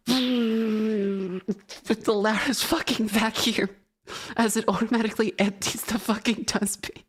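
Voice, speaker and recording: A woman's voice: a little high, fairly even intonation, measured pace, husky. A young woman streamer chatting casually, telling a rambling story full of laughs and swearing. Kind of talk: casual chat.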